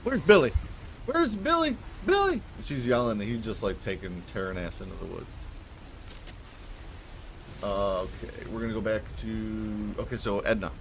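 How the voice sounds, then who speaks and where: A man's voice: lowish voice, fairly even intonation, normal speed, gravelly, pauses often, faint music behind. A man narrating a tabletop game as game master, in a casual, hesitant way with many fillers.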